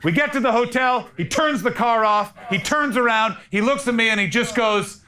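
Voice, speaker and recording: A man in his thirties telling stand-up stories on stage, animated, breaking into mock crying and voices. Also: extremely high pitch, moderate pace. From Canada. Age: 30s. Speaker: stand-up comedian. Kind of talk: stand-up comedy storytelling. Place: live comedy club stage. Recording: live room with clear crowd noise. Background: audience laughter.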